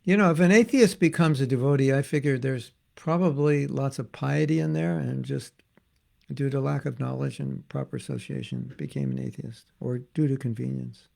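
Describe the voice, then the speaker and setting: Older male teacher, mellow and gravelly, casual humorous lecture style. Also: mid-range voice, steady tone, moderate pace. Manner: joking, conversational, reads viewer comments aloud. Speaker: spiritual teacher. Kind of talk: informal online class.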